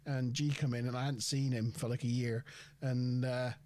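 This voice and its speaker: An English man co-hosting a casual live podcast, a laughing storyteller who pauses often with fillers. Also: mid-range voice, flat delivery, a little mellow. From England. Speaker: podcast co-host.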